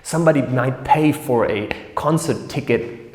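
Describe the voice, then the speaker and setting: A man hosting an educational series, explaining ideas in a casual, animated way and acting out little scenes in different voices. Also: medium pitch, a little slow. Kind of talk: casual explainer talk to camera. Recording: echoey room with long reverb.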